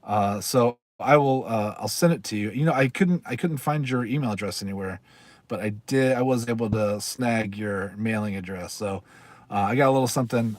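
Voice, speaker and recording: A man's voice: on the low side, no room sound. Chatty man hosting a casual livestream. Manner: chatty, rambling, laughs often, reads card backs aloud. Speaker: livestream host. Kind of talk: casual live-stream chat.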